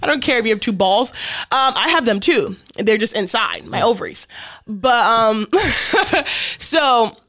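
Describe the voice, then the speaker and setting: A woman's voice: a little high, lively intonation, unhurried, fairly bright tone. A young woman from Africa talking in a casual interview, blunt and laughing often. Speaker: guest.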